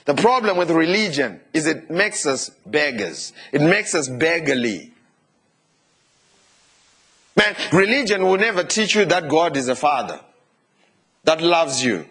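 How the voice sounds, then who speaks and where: A male pastor preaching a lively sermon, often turning to the congregation with asides and questions. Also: on the high side, husky.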